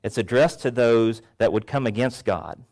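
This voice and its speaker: A man's voice: mid-range voice, moderate pace. A male pastor giving a sermon to a congregation, telling stories with animation. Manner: animated storytelling, acts out voices. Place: church before a congregation.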